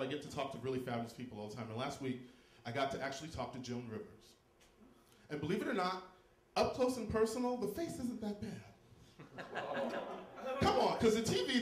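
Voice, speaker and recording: Campy, loud Texan man doing stand-up. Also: echoey room. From Texas. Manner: loud, campy, shrieking into high squeals for punchlines. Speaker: comedian performing stand-up. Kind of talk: stand-up comedy. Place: live venue with audience.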